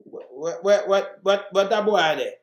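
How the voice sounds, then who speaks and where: Furious high-voiced Jamaican man ranting. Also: expressive, measured pace, reverberant, highs cut off. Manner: heated, repetitive, cursing, swings to shouting. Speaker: channel host commenting on murder statistics. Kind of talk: angry political rant over charts.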